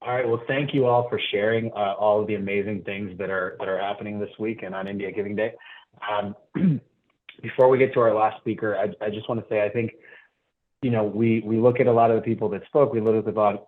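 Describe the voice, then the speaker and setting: A male comedian hosting an online event, telling stories in a halting, self-deprecating way. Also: on the low side. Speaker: emcee and comedian. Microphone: video call. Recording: tinny phone-like audio.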